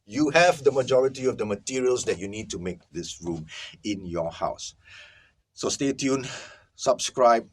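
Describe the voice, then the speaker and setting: A man's voice: medium pitch, measured pace, breathy edge. A man hosting a casual video lesson from a small soundproofed recording booth, recorded on a camera-mounted microphone. He explains emphatically and keeps checking in with his viewers. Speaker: host teaching audio recording. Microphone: camera-mounted microphone, no lapel mic.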